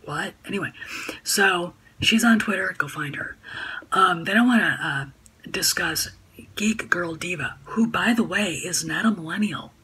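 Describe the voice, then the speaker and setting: A woman's voice: lowish voice, a little slow, bright, forceful tone, husky, poor audio. A woman talking to camera at home in a casual vlog, rambling and indignant, with many fillers and restarts. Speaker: YouTube vlogger. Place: home room by a sunny window.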